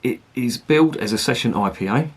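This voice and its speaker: A man's voice: mid-range voice, expressive, a little fast, husky. A man reviewing beer in a rambling, chatty and sweary way. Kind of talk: casual review chat.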